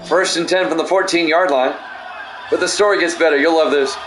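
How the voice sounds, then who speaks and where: A man's voice: a little high, steady tone, brisk. Chatty man calling plays, echoey room. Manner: rambling storyteller, talks to chat between plays, laughs often. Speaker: streamer doing game commentary. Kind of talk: play-by-play commentary mixed with chatty storytelling. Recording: echoey room with background noise.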